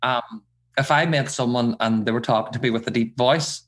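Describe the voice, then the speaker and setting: A man's voice: medium pitch, brisk. A man, a comedian and impersonator chatting as a podcast guest, laughing easily and slipping into voices. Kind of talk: casual interview chat.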